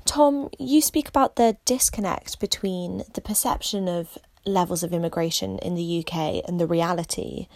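A woman interviewer asking clear, measured questions. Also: on the low side, animated, darkish tone.

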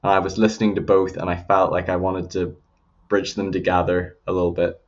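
A man's voice: sits low, level tone, brisk. A young man with a Northern Irish accent, talking earnestly as an interview guest, with frequent fillers. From Northern Ireland. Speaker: guest, YouTube channel creator. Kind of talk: casual interview conversation. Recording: slightly dull lo-fi audio.

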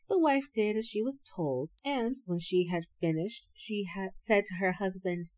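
A woman storyteller reading a folk tale aloud, with playful, animated asides. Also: lowish voice, unhurried, dry recording, low-quality recording.

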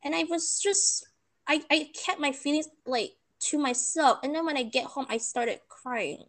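A woman's voice: high voice, normal speed, fairly bright tone. A young woman, chatting casually and emotionally retelling a bad experience. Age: young adult. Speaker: storyteller. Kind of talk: casual chat.

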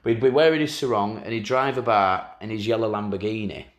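A man co-hosting a casual football podcast, telling stories with a lively delivery and slipping into impressions. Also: on the low side, fast talker, roomy sound. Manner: lively storyteller, slips into impressions of people. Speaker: podcast co-host.

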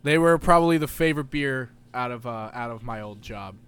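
A young man co-hosting a podcast in casual chat, animated, laughing often and swearing casually. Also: mid-range voice, fairly quick, clean tone. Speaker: podcast co-host.

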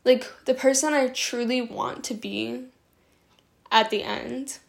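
A young woman hosts her own podcast in a loose, chatty way, her fairly high voice catching in a gravelly fry at phrase ends. She rambles warmly to her listeners, leaning on filler words as she goes. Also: steady tone, takes it slowly. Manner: affectionate toward listeners. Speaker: podcast host. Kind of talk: casual podcast talk on self-soothing.

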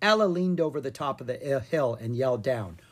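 Animated, lively children's story narrator. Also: mid-range voice, brisk. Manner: animated, playful, with sound effects read aloud. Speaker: audiobook reader.

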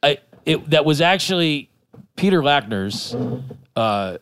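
A man's voice: on the high side, very animated, takes it slowly, fairly bright tone, slight background noise. Profane rambling man telling stories. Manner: profane, rambling anecdotes with restarts. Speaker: podcast co-host. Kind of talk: casual storytelling chat.

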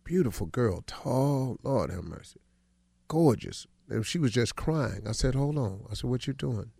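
A middle-aged man holds the mic on a morning radio show. He tells a story in a relaxed, colloquial way, and his voice has a gravelly edge. The sound is dry and close, as in a studio. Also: medium pitch, measured pace, no room sound. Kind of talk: casual morning-show chat.

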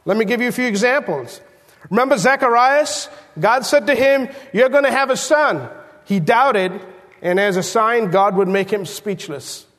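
High-voiced preacher in a reverberant church. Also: male voice. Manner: earnest preaching, animated when telling Bible stories. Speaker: pastor. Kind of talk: sermon. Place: church sanctuary.

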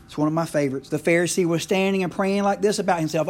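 A man's voice: a little high, fairly even intonation, fast talker, a little mellow. Folksy man preaching a sermon. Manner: folksy, conversational preaching with frequent asides. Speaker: pastor.

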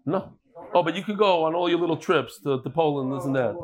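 Crowd noise surrounds a man teaching a daily Talmud class, lively and full of jokes and stories, mixing Hebrew and Yiddish terms into English. He speaks fairly quickly in a higher-pitched voice.

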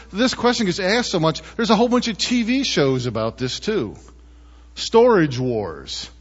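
A man preaching a sermon in a relaxed, conversational way, often tossing in rhetorical questions to the congregation. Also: on the high side, breathy edge, in a large hall, dull audio. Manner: chatty, asks rhetorical "right?" often. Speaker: pastor.

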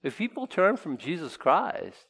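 A man's voice: fairly high pitch, huge pitch swings, unhurried, vocal fry, fairly bright tone, breathy edge. A man preaching a casual, humorous sermon, stopping to joke and voice imagined objections. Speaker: pastor. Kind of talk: sermon with verse-by-verse teaching.

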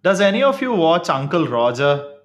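Higher-voiced man in casual chat. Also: moderate pace. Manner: animated storyteller, laughs often. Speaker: podcast co-host.

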